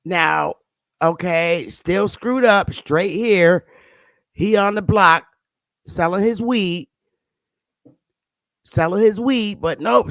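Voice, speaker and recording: A woman's voice: on the low side, dry recording. A woman hosting her channel, giving blunt, sarcastic casual commentary on pictures and scolding her viewers. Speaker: channel host.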